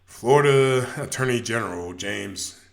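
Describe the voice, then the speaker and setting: A man's voice: on the low side, measured pace, creaky. A man co-hosting a sports podcast, talking in a laid-back, hesitant way with many fillers. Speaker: podcast co-host. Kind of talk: casual sports chat.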